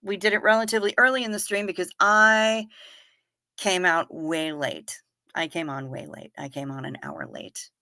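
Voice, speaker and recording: A woman's voice: fairly low pitch, fairly even intonation, normal speed, pushed and bright, no room sound, clean studio sound. A woman hosting a live stream, chatting casually as she reads viewer comments aloud, wry and given to swearing and giggling.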